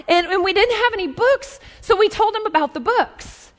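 A woman in her forties delivers a sermon in a high, bright-pitched voice, telling stories in a chatty, lively way full of asides. Her voice rings out with a long reverb tail, as if it fills a large church hall. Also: moderate pace, hardly any pauses. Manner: conversational, lively storytelling with asides. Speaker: preacher. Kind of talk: sermon storytelling.

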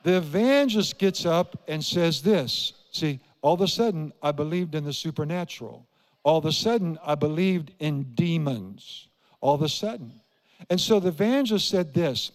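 A man's voice: fairly high pitch, animated, normal speed, in a large hall. A man in his seventies from Iowa, preaching a sermon as a pastor, telling stories with emphatic repetition and questions to the congregation. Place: church sanctuary.

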